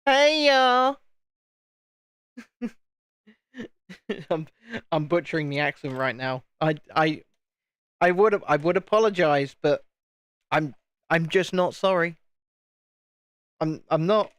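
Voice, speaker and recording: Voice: mid-range voice, measured pace, long pauses, no room sound. A speaker with a Southern English home counties accent, hosting a live stream and chatting casually while building, often repeating words. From England, home counties. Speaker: livestream host.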